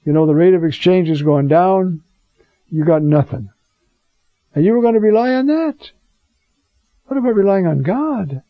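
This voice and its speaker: A man's voice: high-pitched, animated, moderate pace, pauses often, no room sound. A male priest giving a sermon in a conversational way, reading scripture aloud with emphasis, on a dull, muffled recording.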